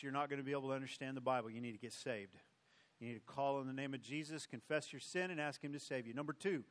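A male pastor closing his sermon with emphatic, repetitive exhortation, then leading his church in prayer. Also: fairly high pitch. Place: church sanctuary.

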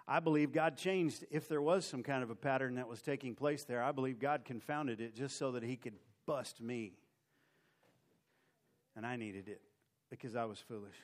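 Give me a male preacher with a medium-pitched voice, telling his own story in a lively way. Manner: animated, self-mocking storyteller who acts out his own story. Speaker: preacher giving a testimony. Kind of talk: sermon storytelling.

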